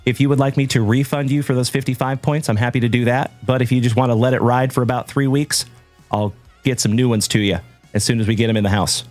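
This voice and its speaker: A man's voice: mid-range voice, fairly even intonation, fast talker, soft background music. Hearty man hosting a card-break stream. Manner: hearty, shout-outs full of "my brother" and "my man". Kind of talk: upbeat livestream chat with viewers.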